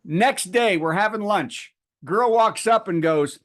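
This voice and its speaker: A man hosting a comedy show over a video call, telling a story with laughter and quick asides. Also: high voice. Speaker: host. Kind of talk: casual chat.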